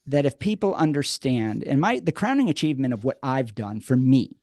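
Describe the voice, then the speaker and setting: A man telling his story as a podcast guest in a lively, conversational way. He restarts and repeats words and acts out quotes from the past. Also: mid-range voice, brisk, no echo, clean studio sound. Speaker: podcast guest, addiction program co-creator.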